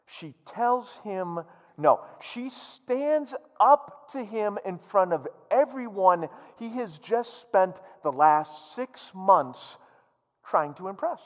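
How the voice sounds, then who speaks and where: A man's voice: high-pitched, animated, slow pace, long reverb tail. A male pastor preaching a sermon, joking with the congregation and telling the story theatrically. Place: church hall, live-streamed.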